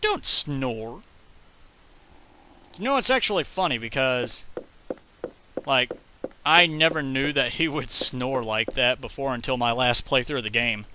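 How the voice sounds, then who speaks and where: A man giving rambling, jokey gameplay commentary, talking fast when he gets excited. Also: mid-range voice. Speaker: let's play commentator.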